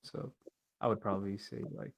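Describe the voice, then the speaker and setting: A young man co-hosting a casual podcast over an online call, reading out listener questions in a relaxed, joking manner with plenty of slang. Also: fairly low pitch, moderate pace, creaky, slight background noise, low-quality recording. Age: young adult. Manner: laid-back, jokey, slangy. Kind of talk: casual chat.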